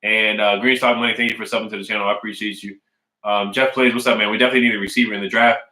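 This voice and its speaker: Casual fan-stream host, man, repeats himself for emphasis, bright tone, roomy echo. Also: fairly low pitch, steady tone, rapid-fire. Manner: repetitive, emphatic, says "man" and "I really do" often. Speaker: sports fan streamer reading chat. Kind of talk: casual live-stream chat. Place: at home indoors.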